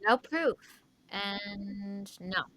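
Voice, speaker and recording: A young woman co-hosting a casual podcast, giving quick blunt answers and moving things along. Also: mid-range voice, bright, forceful tone, poor audio. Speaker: podcast co-host. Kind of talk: casual chat.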